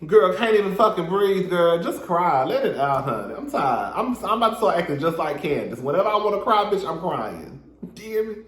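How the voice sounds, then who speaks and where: A man giving a sassy, animated casual recap of a reality show, talking straight to his viewers. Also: on the high side, a little fast, roomy sound, a little hiss or hum. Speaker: reality TV reviewer.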